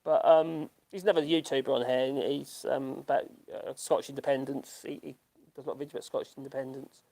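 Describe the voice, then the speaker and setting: An older man with a Norfolk accent, hosting a casual livestream and reading chat comments in a rambling, halting way full of ums and laughs. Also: mid-range voice, fairly even intonation, vocal fry, warm tone. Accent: Norfolk English. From Norfolk, England.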